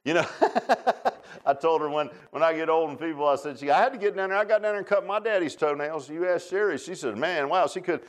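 A middle-aged preacher with a fairly high voice spins homespun stories from the pulpit. He drawls, stumbles over repeated words and chuckles at his own tales as he makes his point. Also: brisk. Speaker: pastor. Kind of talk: folksy sermon with personal stories.

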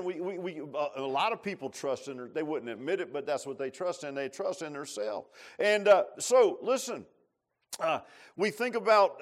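High-voiced folksy preacher man. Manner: folksy, sarcastic, lively storytelling. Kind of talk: sermon.

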